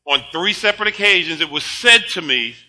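An older man preaching a sermon, animated and laughing often, moving between shouted praise and quiet storytelling. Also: a little high, a little fast, poor audio. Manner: laughs often while talking.

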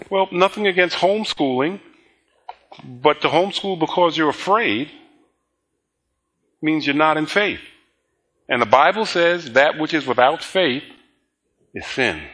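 A middle-aged male pastor delivers a sermon at a very slow, deliberate pace. His voice sits a touch high and sounds bright and forceful. He leans on repetition for emphasis and breaks into chuckling asides.

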